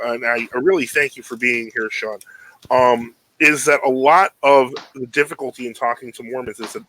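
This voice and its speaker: A man's voice: mid-range voice, sharp tone, low-quality recording. A man from Brooklyn with a New York accent, hosting a casual interview and telling stories with frequent laughter and restarts. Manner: rambling, laughs often, many restarts. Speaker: podcast host.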